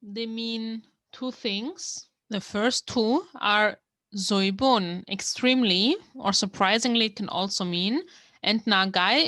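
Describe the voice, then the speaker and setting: A woman's voice: mid-range voice, fairly bright tone, no room sound, clean studio sound. A young woman from Germany, giving a casual language lesson and explaining a manga text word by word as she thinks aloud. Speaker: language learner teaching from a manga.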